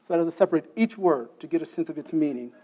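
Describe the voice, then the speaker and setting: High-voiced man giving a tech lecture. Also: expressive, rapid-fire, mellow. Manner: explains step by step, often checks in with "okay?"; quizzes the audience. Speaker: conference speaker. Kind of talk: technical lecture. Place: conference session room.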